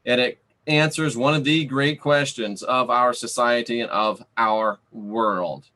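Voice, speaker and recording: A man preaching over a livestream in a mid-pitched voice. He draws his lines out slowly and leans on repetition for emphasis. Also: fairly even intonation, bright, forceful tone. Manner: slow emphatic preaching, repeating phrases. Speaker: preacher reading live chat. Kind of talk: livestream sermon.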